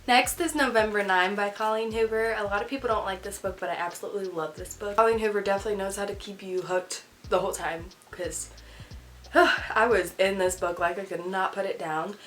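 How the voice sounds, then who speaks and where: A woman's voice: medium pitch, fairly even intonation, brisk, fairly bright tone, soft background music, low-quality recording. Stuffy-nosed young woman chatting casually. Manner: rambling, giggly, says like a lot. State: stuffy from a cold. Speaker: book vlogger. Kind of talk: casual reading wrap-up chat.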